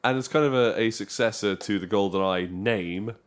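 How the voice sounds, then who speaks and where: A man co-hosting a casual podcast about video games, talking in a jokey, animated way with sudden bursts of excitement. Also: on the low side, normal speed. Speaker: podcast co-host.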